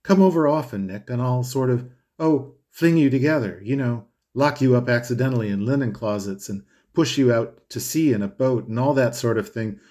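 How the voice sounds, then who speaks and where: A breezy, teasing rich young woman with a lifted, lively voice, as a male audiobook reader puts her on. She talks in a breathy, animated rush, full of playful insistence. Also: medium pitch, moderate pace, few pauses, natural voice.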